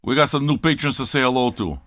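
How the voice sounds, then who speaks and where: A man's voice: medium pitch, lively intonation, fast talker, fairly bright tone, no room sound, clean studio sound. An older man hosting a record-listening show, talking in a blunt, profane, rambling livestream rant.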